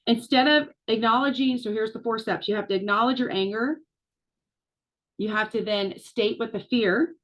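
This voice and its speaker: A woman's voice: medium pitch, dull audio. A woman giving a casual coaching talk, chatty, with lots of fillers and restarts.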